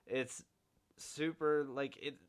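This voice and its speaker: Laid-back swearing young podcast host. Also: male voice, mid-range voice, steady tone, takes it slowly. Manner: laid-back, swears often, lots of fillers. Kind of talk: casual chat.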